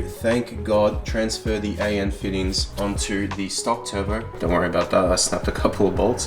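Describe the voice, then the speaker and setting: A young Australian man casually telling a story in his car vlog, swearing and acting out the people he quotes. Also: sits low. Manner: swearing, animated retelling with quoted voices. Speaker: car vlogger.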